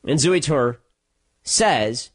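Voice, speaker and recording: A man delivering a solo commentary monologue, telling a story quickly with restarts and sarcastic, mocking asides. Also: mid-range voice, expressive. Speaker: political commentator.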